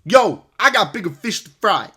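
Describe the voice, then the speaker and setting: A man's voice: high voice, big pitch swings, fairly quick, pushed and bright, husky, heavily acted. A man putting on a tough, slangy, bossy middle-aged dad with a clipped delivery, opening lines with "yo".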